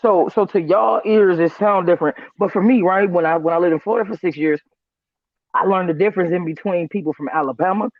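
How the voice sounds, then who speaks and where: A man's voice: sits high, fast, dry recording. A man from California, co-hosting a casual live show, telling stories animatedly and acting out the voices of other people. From Northern California. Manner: animated storyteller, acts out quotes, swears freely. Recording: tinny phone-like line.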